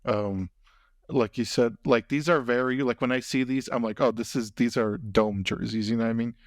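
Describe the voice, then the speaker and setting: A man's voice: medium pitch, fairly even intonation, moderate pace, dry recording, studio quality. A man hosting a podcast, chatting casually and rambling with lots of fillers. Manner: rambling, lots of fillers and "you know what I mean". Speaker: podcast host. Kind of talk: casual chat.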